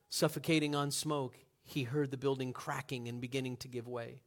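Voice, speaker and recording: A man preaching a sermon in an earnest manner, moving from hushed passages to loud, emphatic ones. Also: mid-range voice, fairly even intonation, normal speed, hardly any pauses. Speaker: pastor.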